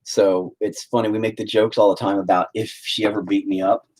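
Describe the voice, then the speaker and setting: In a brisk, flat delivery with a darkish tone and fairly low pitch, a man rants casually while painting. He rambles and swears at his viewers, pretending to be angry.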